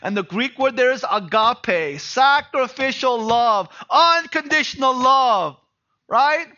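A man delivers a sermon in a high, bright voice. He peppers his points with rhetorical questions and tag questions, dropping to a hush and then rising to loud emphasis. The recording sounds dull and lo-fi. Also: lively intonation, slow pace. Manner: swings from hushed to loud emphasis. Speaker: preacher. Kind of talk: sermon on a Bible passage.

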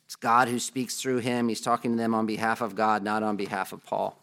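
A man's voice: on the low side, flat delivery, a little fast, gravelly, a bit bright. A man preaching a sermon as pastor, in a conversational way, asking the congregation questions and adding joking asides.

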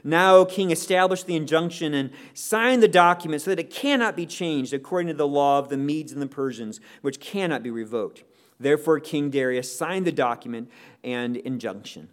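A man leads a Bible lesson in a voice pitched a little high. He reads scripture aloud with feeling. Between passages he drops into relaxed, informal asides and questions to his listeners. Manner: reads expressively, breaks in with casual asides; asks the group questions, informal. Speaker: Bible teacher. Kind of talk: scripture reading with commentary.

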